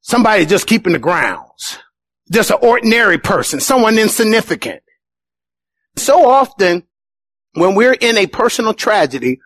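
A man preaching a sermon as pastor, animated, acting out the voices of the people in his stories. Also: high voice, no room sound.

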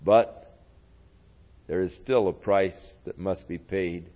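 A man preaching a sermon in a slow, deliberate way, his voice rising and falling widely in pitch and loudness. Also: highs cut off.

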